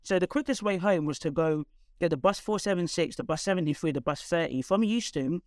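A woman, a guest telling her life story in conversation, candid and animated with quick asides. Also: lowish voice, no echo, studio quality. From London, England.

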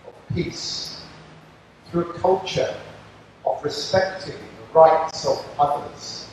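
An older man gives a slow, deliberate campfire speech to a crowd of scouts. His voice sits a bit high for a man. It reaches the mic from a distance, wrapped in a long, echoing reverb. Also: a little hiss or hum. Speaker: speaker addressing scouts. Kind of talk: speech with storytelling. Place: outdoors at a campfire gathering.

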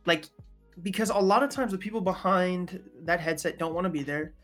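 A man's voice: high voice, a little fast, soft background music. A man in his thirties hosting a casual faith conversation, telling stories with energy and acting out the voices of people he quotes. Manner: animated storyteller, acts out quoted voices. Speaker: podcast host.

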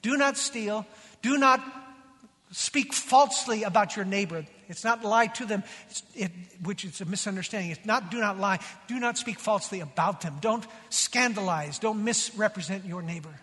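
A pastor preaches in a lively, conversational way, slipping into quoted voices as he goes. His voice is strikingly high and bright. It rings with the long reverb of a big church hall. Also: normal speed. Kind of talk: sermon.

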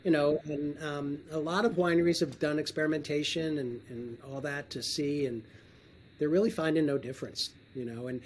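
Give me a relaxed man with a fairly high voice, interview guest, with faint background noise. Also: normal speed. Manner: relaxed, often clears his throat. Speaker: wine trade guest. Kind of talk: casual interview talk.

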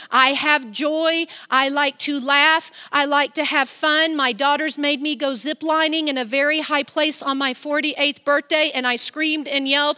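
A middle-aged woman delivers a sermon in a church, reading scripture as she goes. Her voice is bright and forceful and sits a little high, and she takes her words slowly. She moves between loud exclamations and hushed, near-whispered lines, talking fondly and directly to the people in front of her. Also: big-room sound. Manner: affectionate, speaks straight to the congregation. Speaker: preacher.

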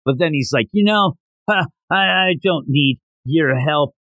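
A man hosting a podcast, casually recapping a manga chapter and acting out the characters' lines in quick voices. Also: fairly high pitch, animated, a bit bright, no echo. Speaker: podcast host.

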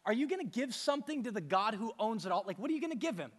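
A man's voice: sits high, very animated, rapid-fire, in a large hall. A man preaching a sermon as pastor, emphatic, with rhetorical questions and repeated phrases. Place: church hall with a stage.

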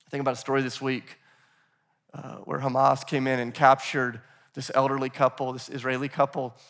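A man's voice: medium pitch, flat delivery, fairly quick, a bit bright. A man preaching a sermon in a church, talking casually and calling the congregation "guys.". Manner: acts out quoted voices of scripture figures. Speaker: pastor. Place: church in Nashville.

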